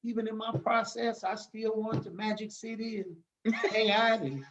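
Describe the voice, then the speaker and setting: A man, telling stories as a podcast guest in a lively, casual way and acting out the people he quotes. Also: high voice, normal speed, highs cut off. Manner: animated, acts out the people he quotes, laughs often. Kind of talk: casual storytelling.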